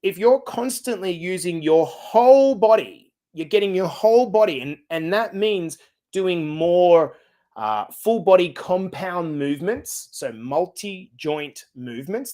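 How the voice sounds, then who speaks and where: A middle-aged man hosting a fitness podcast, coaching listeners in an energetic, direct and casual way. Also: on the high side, unhurried. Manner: energetic, direct, casual and blunt with occasional swearing. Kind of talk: podcast monologue.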